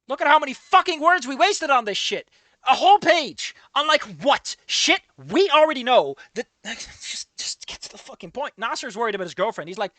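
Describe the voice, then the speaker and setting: Woman, high lively voice, exasperated reaction commentator who swears, yells and mutters. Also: normal speed, no room sound. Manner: laughs often, trails into low mutters. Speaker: fanfic reader and commentator.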